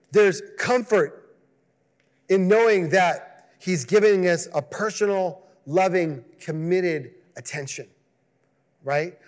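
In a large hall, a high-pitched male pastor preaches a conversational, animated sermon, acting out quoted voices and asking listeners questions.

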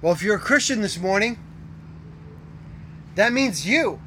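A man preaching a sermon as pastor, earnest, asking rhetorical questions and dropping to hushed tones. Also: high voice, animated, unhurried, a little hiss or hum.

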